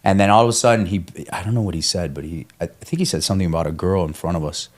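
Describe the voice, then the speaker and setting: Man, casual storyteller, low voice, swears freely, loose podcast chat. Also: racing. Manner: storytelling, swears freely, laughs while telling. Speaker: guest, ultramarathon runner.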